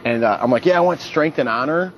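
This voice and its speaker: A man's voice: a little high, fast, lo-fi sound, slight background noise. A young man, a reality show contestant, casually telling profane stories and acting out what people said in a raised voice. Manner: animated, profane, acts out quotes in a raised voice. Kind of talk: casual storytelling.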